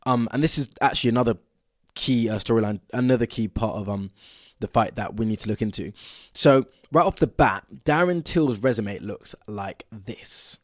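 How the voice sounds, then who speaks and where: A young man from the south of England with a southern English accent, talking solo as a podcast host in an excitable, energetic way, with frequent fillers. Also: medium pitch, moderate pace, no room sound, studio quality.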